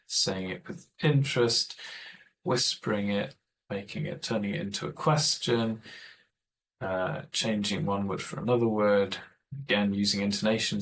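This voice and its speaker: Low-voiced man explaining teaching methods. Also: fairly even intonation, a little slow, poor audio. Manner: thoughtful, explanatory, with frequent self-corrections. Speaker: teacher trainer. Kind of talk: online training presentation.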